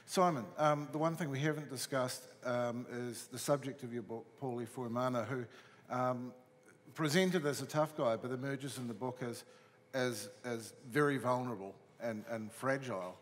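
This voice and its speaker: New Zealand man, panel chair; measured questions; long reverb from the hall. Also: medium pitch. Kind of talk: moderating a panel. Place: museum hall.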